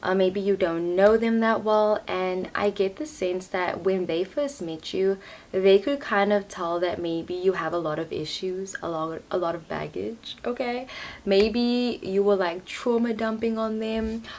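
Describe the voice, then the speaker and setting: A woman's voice: medium pitch, a little slow, darkish tone. A young woman giving a casual tarot reading to a camera on a tripod, talking in a loose, chatty way full of "like" and "you know". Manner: chatty, filler-heavy, lots of "like" and "you know". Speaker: tarot reader.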